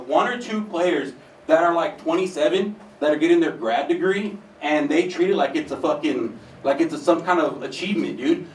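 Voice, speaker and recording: Pitched high, the voice belongs to a man in his twenties from the United States trying out stand-up at an open mic in a small theater. Casual and foul-mouthed, he keeps saying "dude." Faint ambience, a touch of hiss or hum, and a distant mic give it a roomy feel.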